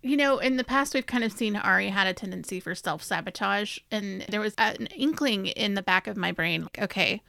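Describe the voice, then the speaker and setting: Female podcast co-host, gravelly voice, animated casual delivery, dry sound. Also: medium pitch, fairly quick, hardly any pauses, no echo. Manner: animated, laughs easily, swears casually. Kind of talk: casual book discussion.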